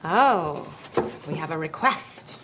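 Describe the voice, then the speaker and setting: A woman acting in a film drama, speaking gently and indulgently. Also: deep voice, animated, slow pace, heavy background noise.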